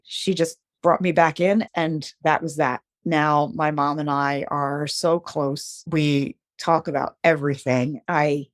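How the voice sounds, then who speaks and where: Blunt low-voiced woman telling her story. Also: dry recording. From New Jersey. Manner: frank and blunt, swears casually; acts out quoted dialogue with animated shifts. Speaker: podcast guest. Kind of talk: candid personal storytelling.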